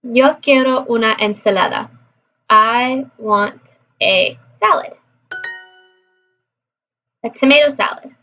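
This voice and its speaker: A woman's voice: fairly high pitch, takes it slowly, pauses often. A woman vlogging her language practice in casual chat, repeating phrases aloud to her viewers. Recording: dull lo-fi recording.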